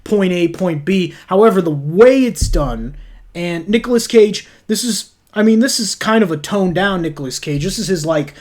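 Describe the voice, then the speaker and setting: A man's voice: sits high, lively intonation, normal speed. Man, movie reviewer, casual talk, blunt, profane, opinionated, ranting.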